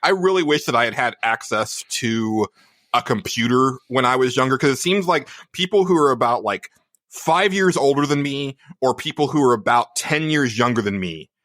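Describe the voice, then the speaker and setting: A man's voice: medium pitch, lively intonation, normal speed, a bit bright, no room sound, clean studio sound. Rambling man peppering "like" everywhere. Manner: rambling, heavy use of "like". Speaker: podcast co-host. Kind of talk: casual chat.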